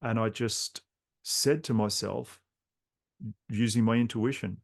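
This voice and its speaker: A male podcast host shares a reflective aside, speaking straight to his audience. His voice is low and gravelly with plenty of fry. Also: fairly even intonation, unhurried. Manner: reflective, speaks directly to listeners. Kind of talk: conversational podcast interview.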